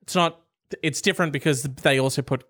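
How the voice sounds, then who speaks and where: A man co-hosting a casual chat, telling stories in a wry, animated way and swearing along the way. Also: fairly high pitch, fairly quick, no room sound, studio quality. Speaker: podcast co-host reading questions.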